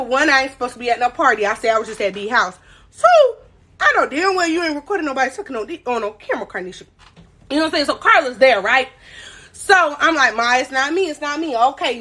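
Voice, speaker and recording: A young woman hosting a livestream, telling a high school story in an animated, profane voice and talking straight to her viewers. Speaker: livestream host.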